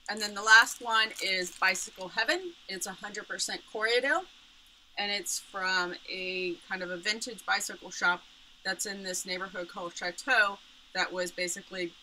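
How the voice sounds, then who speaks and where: A woman's voice: mid-range voice, pushed and bright, a little hiss or hum, rough recording. A woman who runs a yarn business, presenting her products and explaining each one, with frequent ums. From Pittsburgh area. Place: home studio, indoors.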